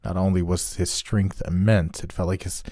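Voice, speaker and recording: A man with a very low, mellow voice narrating a horror story in a steady, measured way. The sound is close and dry, with no room around it. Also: dry recording.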